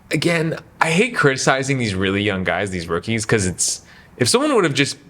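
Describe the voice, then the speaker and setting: Young male sports YouTuber, rambling opinion talk, very animated delivery. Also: mid-range voice. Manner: animated, rambling, self-deprecating asides. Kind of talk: casual opinion monologue.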